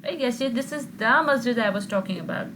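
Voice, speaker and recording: A woman's voice: on the high side, brisk, a bit bright, slight background noise, rough recording. A woman teaching an online grammar class, explaining patiently and often checking with her students. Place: video call.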